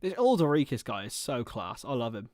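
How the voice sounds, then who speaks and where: A man's voice: medium pitch, very animated, fairly quick, a little mellow, no room sound, clean studio sound. Chatty man calling football on a livestream. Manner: chatty, reads and answers viewer comments mid-play. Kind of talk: casual watchalong commentary.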